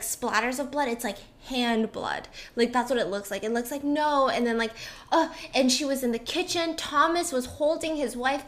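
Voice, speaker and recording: High bright-voiced woman telling a crime story, chatty, says like a lot. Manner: animated, chatty, lots of "like". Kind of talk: true-crime storytelling chat.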